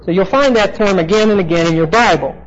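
High-voiced man teaching a Bible lecture. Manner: explanatory, halting with frequent "uh" fillers. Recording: dull lo-fi recording.

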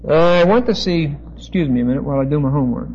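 Male preacher, high voice, slow measured delivery, Bible teaching, dull lo-fi recording. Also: a little mellow, slight background noise. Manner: slow, deliberate, spelling out Greek words.

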